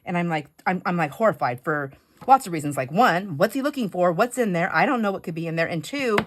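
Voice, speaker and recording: A woman chatting casually while she crafts, telling stories with lots of fillers and animated retellings. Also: fairly low pitch, fast. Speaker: craft vlogger.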